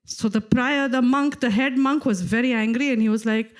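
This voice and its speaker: A woman preaching a sermon at a church service, telling a story with lively acted-out quotes. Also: on the high side, normal speed. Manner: animated storyteller, acts out quoted voices.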